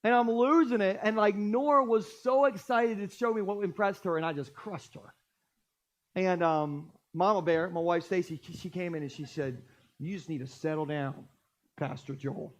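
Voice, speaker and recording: Male pastor, higher-pitched voice, animated sermon with humor, church setting. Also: moderate pace. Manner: animated, jokey storytelling. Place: church stage.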